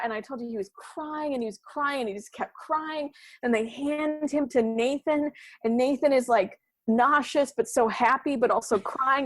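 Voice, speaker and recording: Bright-voiced woman telling a comic story. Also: sits high, no room sound. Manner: chatty, acts out her own thoughts in quoted asides. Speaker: podcast guest. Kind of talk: casual comedic storytelling.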